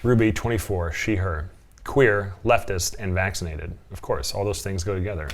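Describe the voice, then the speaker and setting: A man's voice: low-pitched, moderate pace, slight background noise. A man reading dating profiles aloud and mocking them sarcastically with frequent chuckles, in a casual reaction vlog. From from Portland area.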